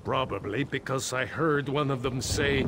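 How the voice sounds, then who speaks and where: A man's voice: medium pitch, normal speed, noisy background, lightly acted. An actor playing a nervous male mine boss in a video game, talking in a dry, sardonic way. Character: worried male mine boss, wry and jumpy. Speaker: mine owner non-player character.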